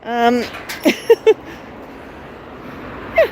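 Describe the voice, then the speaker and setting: This middle-aged woman speaks extremely slowly, in a slightly mellow tone, as she sweet-talks her pet bird in a sing-song manner. She is hosting a live-streamed outdoor walk in a residential area, and a faint hiss or hum can be heard.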